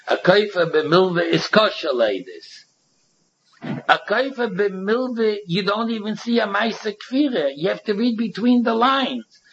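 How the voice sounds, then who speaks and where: Brief: male Talmud teacher, Yeshiva English, raised husky voice, dull lo-fi recording. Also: sits high, fairly bright tone. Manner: sing-song study-hall cadence, repeats and restarts phrases. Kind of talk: Talmudic lecture mixing English with Hebrew and Yiddish terms.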